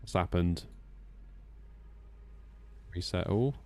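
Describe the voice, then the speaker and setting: A man's voice: sits low, slow, vocal fry, darkish tone. A man streaming a flight sim, chatting casually, teasing himself and answering chat aloud. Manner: chatty, self-mocking, reads chat aloud.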